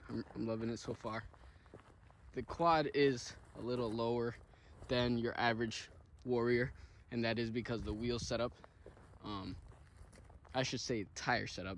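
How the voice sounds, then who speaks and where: A man's voice: mid-range voice, a little hiss or hum, poor audio. A tired, out-of-breath man recording a loose, chatty review vlog outdoors on riding trails, talking with lots of fillers and repeats. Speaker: vlogger reviewing his ATV.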